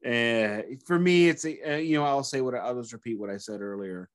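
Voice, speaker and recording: A man co-hosting a music podcast, giving measured, dry opinions on an album. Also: mid-range voice, clean tone. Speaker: podcast co-host. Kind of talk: casual music review chat.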